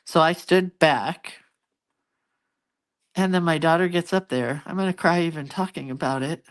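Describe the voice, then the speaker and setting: Middle-aged woman host, casual rambling chat, slightly low voice. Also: normal speed, clear, resonant tone. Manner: rambling, chatty, with many fillers and restarts. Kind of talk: casual chat to live viewers.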